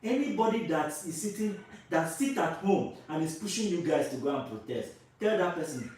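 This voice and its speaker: A Nigerian man speaking his mind to camera with a fairly high voice, pressing his points with repetition and rhetorical questions. His voice booms around a very echoey room, picked up from a little way off the mic. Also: animated, moderate pace, a little mellow, far from the mic. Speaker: vlogger. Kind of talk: opinionated commentary to camera.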